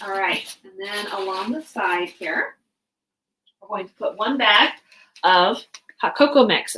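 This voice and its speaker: A woman's voice: mid-range voice, a bit bright, a little hiss or hum, rough recording. Chatty woman rambling with fillers. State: voice going hoarse. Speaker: author hosting a live stream. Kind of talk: casual live-stream chat while packing boxes.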